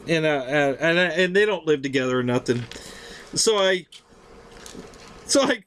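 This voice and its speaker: A man in his fifties hosting a live stream, telling stories in a chatty, animated, profane way. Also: fairly high pitch, moderate pace, a little hiss or hum. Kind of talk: casual storytelling on a live stream.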